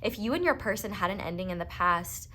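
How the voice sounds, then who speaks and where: A young woman giving a casual tarot reading in a gentle, reassuring way, with many fillers. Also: medium pitch, expressive, fairly quick. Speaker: tarot reader.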